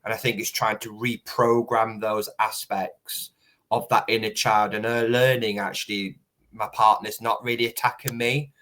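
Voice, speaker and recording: A man's voice: on the low side, little pitch movement, normal speed, fairly bright tone. A man hosting a casual podcast conversation. He speaks reflectively, hedging and restarting as he works through his thoughts. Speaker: podcast host.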